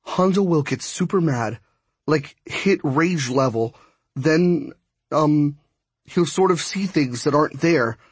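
A man voicing a nervous teen girl, halting. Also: a little high, slightly rough, no echo. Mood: worried. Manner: hesitant, halting explanations. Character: frightened teen girl, anxious and kind.

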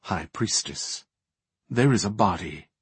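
A man's voice: deep voice, lively intonation, slow pace, husky, dry recording, exaggerated voice. A man voicing a dour, stern female elf warden who speaks curtly and bluntly in an audiobook.

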